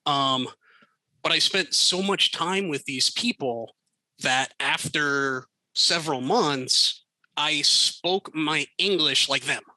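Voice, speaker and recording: Bright, lively American man telling stories. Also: a little high, takes it slowly, no echo, poor audio. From United States. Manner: animated, laughing storyteller. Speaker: podcast guest. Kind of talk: casual storytelling.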